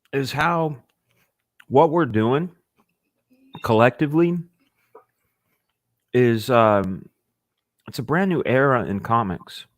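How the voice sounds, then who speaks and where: A man hosting a casual livestream, talking with eager enthusiasm and halting restarts, sometimes with his mouth full. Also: mid-range voice, no room sound, clean studio sound. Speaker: livestream host.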